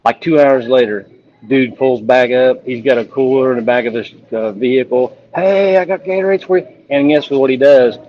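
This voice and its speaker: A man tells an earnest, heartfelt story about the road, his voice sitting at an ordinary middle pitch. He is calling in over a phone, so the sound is muffled and lo-fi. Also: fairly even intonation, normal speed. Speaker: police officer and ultrarunner. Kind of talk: phone interview update.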